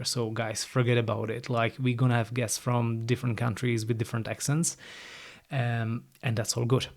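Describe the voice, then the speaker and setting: A man's voice: medium pitch, little pitch movement, normal speed, gravelly, a little mellow. A man hosting a solo podcast, talking casually in non-native English with a light Irish tinge and often starting sentences with "look" or "like", recorded on a studio microphone. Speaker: podcast host. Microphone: new studio microphone.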